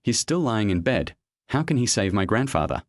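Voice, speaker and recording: A man's voice: fairly low pitch, very animated, normal speed, no room sound. A man voicing a hot-tempered young woman who scolds sharply. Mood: scornful.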